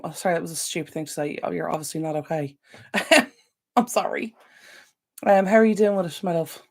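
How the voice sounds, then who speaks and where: Irish woman, low voice, chatty live-stream host, rambling and sympathetic to viewers. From Ireland. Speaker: decluttering channel host. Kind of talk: casual live-stream chat.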